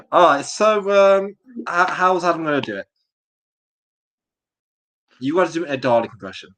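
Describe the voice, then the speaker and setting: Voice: medium pitch, lively intonation, measured pace, long pauses, a bit bright. Laughing stream host running a game. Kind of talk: casual stream chat.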